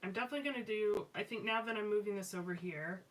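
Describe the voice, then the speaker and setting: This fast-talking woman with a mid-range voice hosts a live scrapbooking stream, rambling casually and frequently restarting or using fillers. A slightly distant mic also picks up faint background noise.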